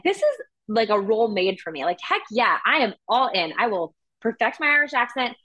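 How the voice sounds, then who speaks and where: A woman's voice: medium pitch, a bit bright, no echo. A woman co-hosting a podcast, rambling through a personal story in easy, chatty talk full of "like." Her voice sits in a middle register. The recording is dry and close. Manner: chatty storytelling, heavy use of "like". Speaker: podcast co-host. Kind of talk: casual chat.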